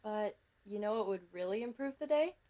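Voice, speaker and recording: A woman's voice: medium pitch, animated, brisk, warm tone, lightly acted. A woman reading the lines of a friendly, hopeful young boy in a visual novel.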